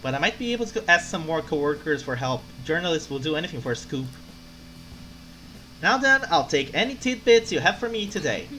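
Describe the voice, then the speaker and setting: A brash, half-drunk journalist woman from a video game, slurring and emphatic, as a player reads her lines aloud. Her voice leaps around with animated pitch and a bright, forceful edge. She swings quickly from grumbling to near-shouting. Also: a little hiss or hum, poor audio. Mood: wry. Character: tipsy middle-aged female journalist, brash. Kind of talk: reading game dialogue aloud.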